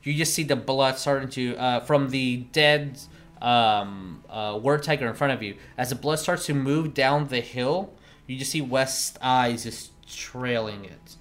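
A man narrating as the game master of a tabletop game, in a slow, halting way with many fillers. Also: medium pitch, fairly bright tone. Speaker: dungeon master.

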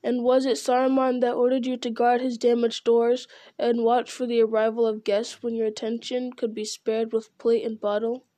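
Brief: wry, probing old wizard, as a woman reader voices him, mellow tone. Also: on the high side, little pitch movement, normal speed, no room sound, lightly acted.

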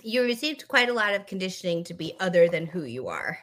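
A woman's voice: on the low side, sing-song, a little fast, a bit bright. A woman co-hosting a casual podcast, reading tarot cards in a playful, giggly way, sometimes sliding into a put-on Midwestern mom accent. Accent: Midwestern American put-on. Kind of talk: casual chat.

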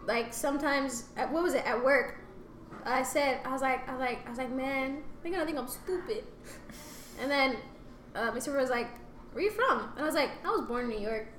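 Speaking briskly in a high register, a young woman shares animated stories as a podcast co-host. She does voices for other characters and drops to a whisper for asides, all in an echoey space with a faint hum of background noise.

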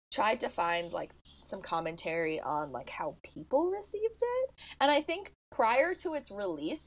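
A young woman co-hosting a casual movie podcast. Her pitch rises and falls a lot as she retells the story, packing her sentences with "like" and breaking into laughs. It sounds relaxed and conversational. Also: gravelly. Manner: animated storytelling, many "like" fillers, laughs often. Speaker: podcast co-host. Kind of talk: casual movie recap chat.

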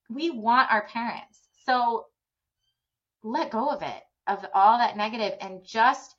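A woman's voice: fairly high pitch, fairly bright tone. Earnest, effusive woman podcast host. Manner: earnest and effusive, many fillers. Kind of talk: conversational interview. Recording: dull lo-fi sound.

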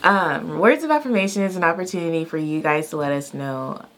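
A woman's voice: low-pitched, fairly bright tone, slight background noise. A woman in her thirties co-hosting a podcast, chatting casually and chiming in to support her partner's story. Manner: supportive listener, quick interjections. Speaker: podcast co-host. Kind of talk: casual chat.

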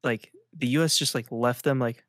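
Recorded at studio quality with no room sound, a male podcast co-host rambles through casual conversation, saying "like" nearly constantly. His voice is medium in pitch and fairly bright, at a normal speed.

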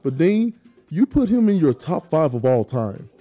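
A man's voice: fairly high pitch, very animated, normal speed, over music. A male podcast host in a casual sports debate, teasing his co-host and reading viewer comments.

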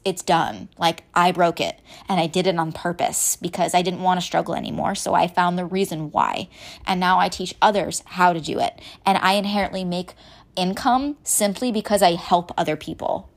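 A woman coaching listeners through a money mindset exercise, talking casually, candid and earnest, swearing now and then. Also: fairly low pitch. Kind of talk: casual motivational talk.

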